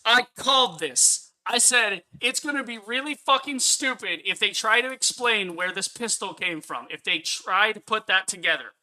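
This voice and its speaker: A man's voice: sits high, animated, moderate pace, few pauses, sharp tone. Angry profane man ranting on a stream. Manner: emphatic, repeats himself. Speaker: streamer reviewing a film. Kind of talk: live-stream movie review rant.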